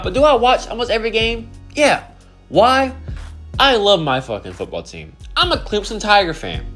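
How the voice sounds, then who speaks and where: A man's voice: on the high side, fairly bright tone. A man ranting to camera about wrestling, profane, exasperated and emphatic. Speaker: wrestling commentary video creator. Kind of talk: opinionated rant to camera.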